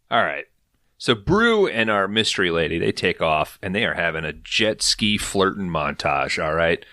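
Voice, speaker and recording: A man hosting a podcast, recapping an episode in an animated, casual storytelling way with a lot of swearing. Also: deep voice, unhurried, long pauses, no room sound, clean studio sound. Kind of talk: casual chat.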